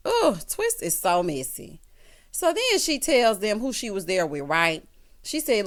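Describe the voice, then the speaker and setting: A woman's voice: medium pitch, very animated, measured pace. A woman giving a casual, gossipy recap of a reality show, talking straight to her viewers and calling them honey and child. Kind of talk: casual recap commentary to camera.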